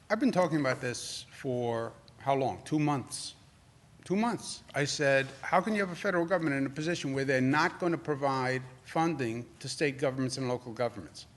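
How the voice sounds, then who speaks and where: A man in his sixties with a New York accent, answering reporters at a press briefing. He talks forcefully, repeats his points and builds to indignant emphasis. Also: on the high side.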